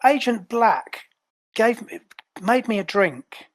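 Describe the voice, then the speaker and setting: A man voicing a flustered female superhero agent, talking fast and indignant in a raised voice. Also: high-pitched, expressive, pitched above the performer's own voice, heavily acted. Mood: indignant exasperated.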